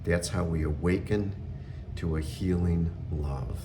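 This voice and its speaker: A middle-aged man giving an earnest, unhurried spiritual talk, pausing often with fillers. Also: sits low, background noise.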